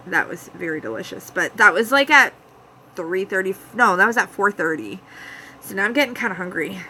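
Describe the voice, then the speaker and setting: A woman's voice: medium pitch, expressive, brisk, sharp tone, slight background noise, low-quality recording. A young woman from Canada with a Canadian accent, rambling casually to viewers during a live chat from her home. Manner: rambling, chatty, talks to viewers by name. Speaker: vlogger hosting a live chat.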